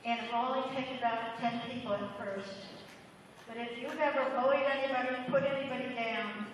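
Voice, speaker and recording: A woman's voice: a little high, fairly even intonation, a little fast. A woman giving an earnest motivational speech at a school assembly, often repeating her urgings to the students. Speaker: motivational speaker. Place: large echoing hall. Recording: echoey hall, far from the mic, faint hiss.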